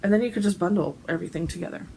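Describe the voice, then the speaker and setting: A woman's voice: fairly low pitch, racing, dark tone, a little hiss or hum, rough recording. A woman chatting casually to camera about her shirts, giggly, with plenty of ums and restarts. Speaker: cross-stitch vlogger selling shirts.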